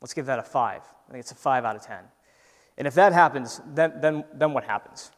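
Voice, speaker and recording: A man's voice: mid-range voice, a little fast. A man giving a conversational entrepreneurship talk on stage, telling a personal story, acting out the voice in his head, and checking in often with the audience. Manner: animated storyteller, acts out his inner voice, frequent "right?". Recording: hall reverb from stage.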